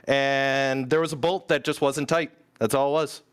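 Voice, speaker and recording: A man's voice: mid-range voice, fairly even intonation, normal speed, smooth. A man on a call casually explaining a hardware fix, laughing often. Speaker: league member on call. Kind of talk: casual chat.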